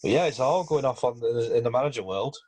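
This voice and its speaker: A man's voice: medium pitch, lively intonation, quick pace, darkish tone, slightly rough. Man, podcast host, casual football chat, hesitant, lots of fillers. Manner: hesitant, many fillers and restarts.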